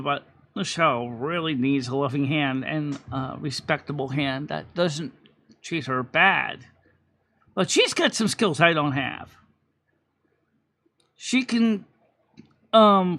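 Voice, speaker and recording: A man with a high, bright and ringing voice talks straight to his channel in a casual monologue. He rants with plenty of swearing, jumps into the voices of the people in his stories, and swings between loud outbursts and quiet, earnest stretches. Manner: heated, profane ranting that flips into quoted voices. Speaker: channel host. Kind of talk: casual talking-head monologue.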